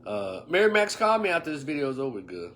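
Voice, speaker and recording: A man in his fifties gives his opinions on a casual livestream, with a bright, forceful voice. He talks emphatically and preachily, and he often drops into sarcastic, muttered asides. A faint hiss sits under the voice. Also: medium pitch, huge pitch swings, fast. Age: 50s. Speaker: online commentator.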